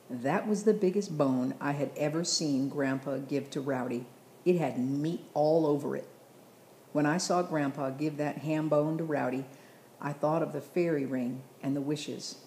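Woman audiobook reader, low mellow voice, roomy recording. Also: a little slow, a little hiss or hum. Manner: steady, plain storytelling. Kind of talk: scripted audiobook narration.

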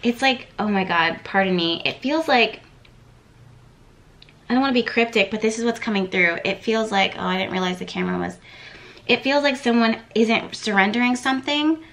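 A woman's voice: fairly high pitch, moderate pace, a bit bright. A woman giving a casual tarot reading to camera, thinking aloud and rambling with lots of fillers and repeated words. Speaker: tarot card reader.

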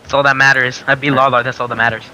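A man playing an online kart race with friends, loud and excitable, shouting and shrieking at wins and losses. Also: medium pitch, very fast, crowd noise, poor audio. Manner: loud, shrieks and shouts when losing or winning. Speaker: online game player. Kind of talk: excited gaming banter.

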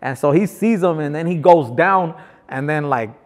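A man's voice: a little high, normal speed. Slangy man telling stories in echo. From Los Angeles. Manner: animated, slangy, acts out other people's lines. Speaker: guest. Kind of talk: casual storytelling.

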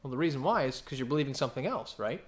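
A man preaching a sermon, animated and full of questions he answers himself, sometimes acting out voices. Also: racing, slight background noise. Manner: animated, acts out quoted voices with big pitch jumps; asks the congregation questions and answers them. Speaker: pastor.

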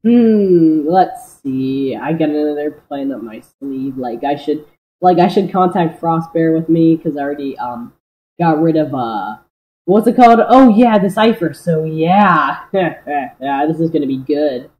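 A young creator narrating and voicing a homemade cartoon, rambling and hesitant, full of fillers. The voice sits at a middle pitch and echoes in a roomy space. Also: expressive, measured pace, a little mellow. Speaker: creator voicing all characters. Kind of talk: amateur cartoon voice-over.

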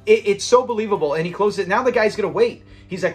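A man with a notably high-pitched voice talks casually through an episode review. He rambles, laughs easily and slips into little acted-out quotes. Faint music plays underneath. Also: fast talker, hardly any pauses. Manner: chatty, rambling, often laughs, acts out scene quotes. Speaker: channel host reviewing a sitcom episode.

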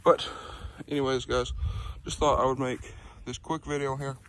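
A man's voice: medium pitch, normal speed. Guy rambling about his truck hitch, says y'all a lot, noisy outside, mid voice. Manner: relaxed, rambling, many "um"s and "y'all". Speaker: vlogger reviewing a truck hitch. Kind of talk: casual product review. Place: outdoors by a pickup truck.

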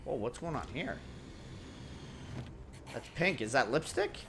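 A man's voice: medium pitch, very animated, unhurried, a bit bright, slight background noise. A young man giving casual, joking let's-play commentary, laughing often and mimicking characters. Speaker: gaming commentator.

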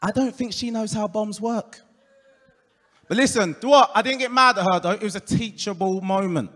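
A man with an Essex accent doing a stand-up comedy set, delivering deadpan punchlines and working the crowd. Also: sits high, moderate pace. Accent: Essex English. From England. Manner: deadpan punchlines, crowd work, puts on voices for quoted people. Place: comedy club stage before a live audience. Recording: live club room with long reverb.

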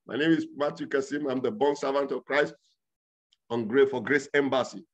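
A man preaching as a pastor, excitable, breaking into loud tongues and laughter. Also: medium pitch, normal speed. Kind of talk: sermon with speaking in tongues.

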